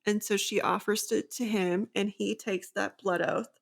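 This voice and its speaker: A woman's voice: mid-range voice, fairly even intonation, normal speed, gravelly. A woman co-hosting a casual book discussion, recapping the plot at length with many "like" fillers. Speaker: book podcast co-host.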